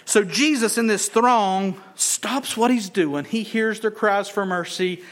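Male preacher, high bright voice, unhurried dramatic delivery, shouts and whispers. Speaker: pastor. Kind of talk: sermon.

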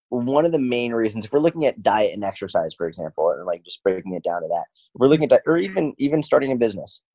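A man's voice: on the low side, warm tone, no room sound, lo-fi sound. A man who works as a fitness coach, talking on a podcast in a blunt, profane way and firing off rhetorical questions. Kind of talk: podcast conversation.

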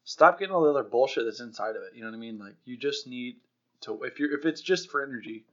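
Young male podcast co-host, mid-pitched voice, blunt and laid-back, swears freely, dull lo-fi audio. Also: lively intonation, quick pace. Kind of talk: casual podcast chat.

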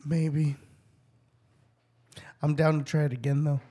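A man's voice: a little high, slow, husky. A man in casual crude banter, telling stories with lots of laughter and profanity. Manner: storytelling, laughing, lively swings.

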